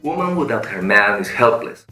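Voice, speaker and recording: A man's voice: low-pitched, brisk, fairly bright tone, recorded from a distance. A man playing an earnest male office director in an educational skit, speaking matter-of-factly. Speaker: actor in a skit. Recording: echoey room with music.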